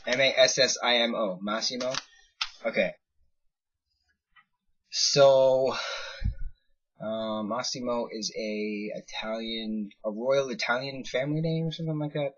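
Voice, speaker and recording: A young American man in his twenties tells a loose, wandering anecdote in a slightly husky voice. He keeps interrupting himself, working things out aloud and jumping into quoted voices. The recording is dull and lo-fi. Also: medium pitch, fairly even intonation, unhurried, pauses often, fairly bright tone. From United States. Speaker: vlogger. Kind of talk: casual storytelling.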